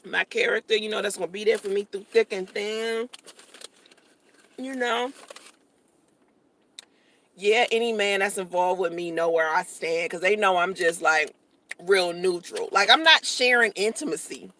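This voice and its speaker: A woman's voice: mid-range voice, measured pace, pauses often, pushed and bright, slight background noise. A young woman vlogging casually from her parked car while eating, chatty and joking, talking with her mouth full.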